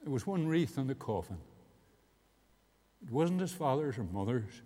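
A man's voice: mid-range voice, mellow. A man preaching an evangelistic sermon in a meeting house, earnest and building to emphatic peaks. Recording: long hall reverb.

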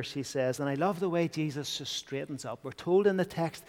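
A man preaching a sermon in an earnest way, sometimes dropping to a hushed voice for emphasis. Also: fairly high pitch, normal speed, hardly any pauses. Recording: long hall reverb.

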